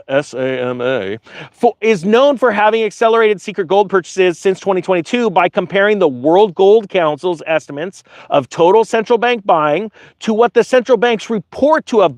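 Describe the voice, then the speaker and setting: A man's voice: high voice, no room sound. A man hosting a finance channel, reading an article aloud and making casual, digressive, joking comments to viewers. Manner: animated, digressive, jokey asides to viewers.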